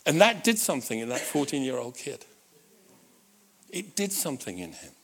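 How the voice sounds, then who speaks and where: A middle-aged man preaching a sermon, telling a personal story with lively audience asides and frequent restarts. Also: medium pitch, normal speed, vocal fry, slightly rough. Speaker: pastor.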